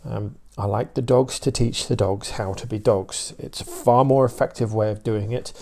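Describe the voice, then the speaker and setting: A British man, a dog trainer, explaining his views in a steady, opinionated casual talk with many fillers. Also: on the low side, normal speed, vocal fry.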